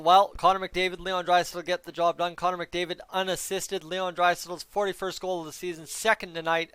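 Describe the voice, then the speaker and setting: A man streams his own live play-by-play of a hockey game, jumping into shouts whenever something big happens and calling out to his viewers by name. His voice sits high and comes through smooth and clean. The sound is close and dry, with no room behind it. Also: dry recording. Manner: excitable, shouts at big moments, talks to chat by name. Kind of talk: excited live play-by-play reaction.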